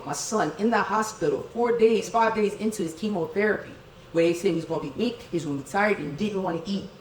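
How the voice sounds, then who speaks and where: A middle-aged man giving a motivational keynote in an event hall, energetic, calling for crowd responses and counting out dance moves. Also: high voice, slight background noise. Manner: energetic, leads crowd through dance counts, keeps asking "okay?". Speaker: keynote speaker. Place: event hall with tables and chairs. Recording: echoey hall, voice from a distance.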